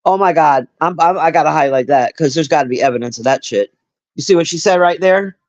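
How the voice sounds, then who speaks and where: A woman's voice: low voice, a little fast, darkish tone, dull audio. Woman, livestream movie review, blunt, swears a lot, rambling, talks to chat. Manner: chats with live viewers.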